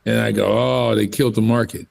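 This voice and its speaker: Gravelly older man telling stories. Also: lowish voice, level tone, fairly quick, darkish tone. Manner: anecdotal, acts out quoted exchanges. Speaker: guest, former bodybuilder. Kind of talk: casual storytelling interview.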